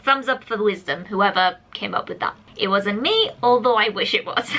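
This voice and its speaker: Woman, bright tone, casual talk to camera, animated, chatty, addressing viewers. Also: medium pitch, moderate pace, poor audio. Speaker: YouTube vlogger.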